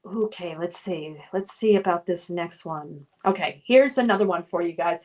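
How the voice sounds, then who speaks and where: A woman's voice: on the low side, moderate pace, darkish tone. A woman hosting a casual livestream trivia game, chatting and reading viewer comments aloud before answering them. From United States. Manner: chatty, reads chat names then responds.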